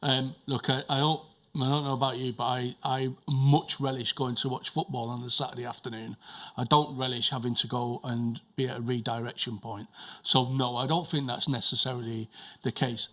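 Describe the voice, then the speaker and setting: A man's voice: mid-range voice, level tone, moderate pace, a bit bright. A man giving evidence as a witness at a formal inquiry, answering questions hesitantly with many restarts and repeated words.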